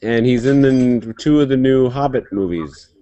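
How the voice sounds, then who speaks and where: A man's voice: medium pitch, normal speed, no room sound, muffled recording. A man hosting a casual online talk show over a video call, rambling and joking as he chats. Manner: rambling, jokey, lively. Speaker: web show host. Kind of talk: casual chat.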